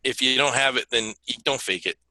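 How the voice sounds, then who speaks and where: A former stand-up comic as a guest in a casual chat, blunt and profane, talking animatedly. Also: male voice, mid-range voice, a little fast, pushed and bright, no echo, low-quality recording.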